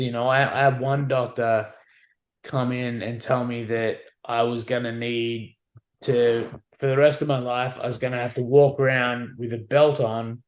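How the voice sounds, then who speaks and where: A man in his forties, a podcast guest telling candid, wry stories in casual conversation, often adding "like" and "you know what I mean". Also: mid-range voice. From Australia.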